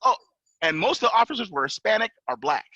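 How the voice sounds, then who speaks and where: A man's voice: high voice, fast talker, dry recording. A man telling a personal story in casual chat as a podcast guest, acting out other people's lines with a raised voice. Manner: animated, acts out officers' lines in raised voice. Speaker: podcast guest, pilot and entrepreneur. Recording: dull lo-fi dry sound.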